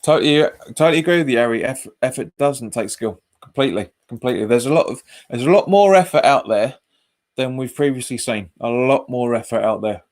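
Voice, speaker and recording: A man at a middling pitch talks casually through a live football watch-along. He reads out viewer comments and answers them, often saying the same phrase twice. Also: expressive, a little fast, a little mellow. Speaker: fan channel host.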